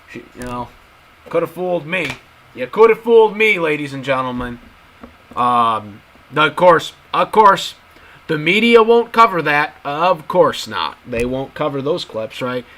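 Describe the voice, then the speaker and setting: A man's voice: on the high side, animated, a little slow, sharp tone, a little hiss or hum, rough recording. A man in casual video commentary, talking to his viewers and repeating his points emphatically. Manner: repetitive, emphatic, addresses viewers as guys. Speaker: YouTube commentator.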